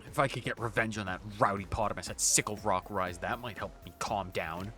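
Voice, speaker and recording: A man voicing a hot-headed young male mech pilot who rants loudly in exasperation, reading game dialogue aloud. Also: on the low side, brisk, faint music behind, voice pushed down. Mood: furious. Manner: exasperated, loud ranting.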